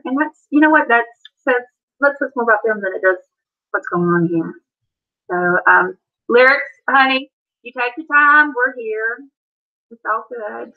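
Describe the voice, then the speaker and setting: A woman with a Southern accent hosting a casual livestream, chatty and rambling, talking to viewers by name. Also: on the high side. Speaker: livestream host. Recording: dull lo-fi stream audio.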